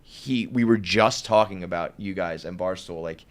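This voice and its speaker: A man's voice: deep voice, normal speed. A young man telling a long, rambling story on a podcast, full of "like" and laughing at his own tale.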